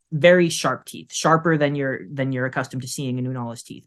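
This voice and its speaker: A man narrating as game master of a tabletop game, rambling with many fillers. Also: mid-range voice. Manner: rambling, full of "like" and "uh".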